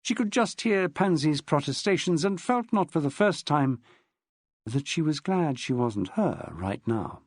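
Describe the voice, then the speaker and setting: A man narrating a novel as an audiobook, with an expressive storyteller's lilt. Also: a little high, unhurried, no echo, studio quality.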